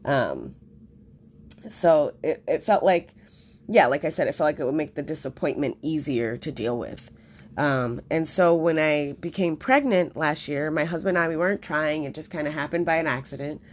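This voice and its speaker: A woman's voice: low voice, normal speed, slight background noise. A young woman hosting a podcast, talking earnestly through a personal reflection with frequent fillers and restarts. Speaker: podcast host.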